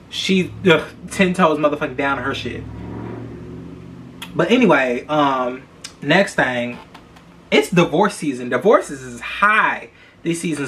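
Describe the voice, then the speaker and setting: A young man hosting a podcast, gossiping about celebrities in a blunt, profane, animated way and repeating himself for emphasis. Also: a little high. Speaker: podcast host. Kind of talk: casual celebrity gossip commentary.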